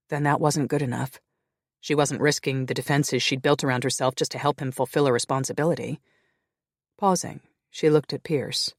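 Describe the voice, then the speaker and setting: A male narrator reads a paranormal romance audiobook at a steady, even pace. His mid-range voice is recorded close and dry. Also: mid-range voice, moderate pace, dry recording.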